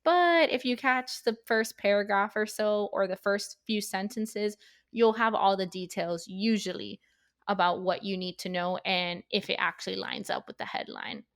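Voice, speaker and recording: A woman's voice: medium pitch, moderate pace. A woman journalist co-hosting a podcast, breezy and teasing, explaining news habits. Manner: breezy and teasing, laughs between points. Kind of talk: casual chat.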